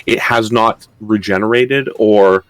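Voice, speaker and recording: A man narrating a tabletop game as game master, describing combat in a calm, measured way. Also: on the low side, dry recording.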